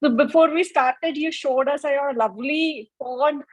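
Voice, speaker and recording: A woman with a high voice moderates an online webinar, and her voice sounds close and dry. She addresses the presenter in a warm, complimentary tone over a video call. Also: measured pace, dry recording, low-quality recording. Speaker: webinar host.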